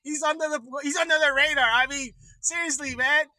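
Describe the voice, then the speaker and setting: High, bright-voiced man ranting. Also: fairly even intonation, brisk, dry recording, rough recording. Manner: profane, rambling, laughs often. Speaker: livestream host. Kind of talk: casual political rant.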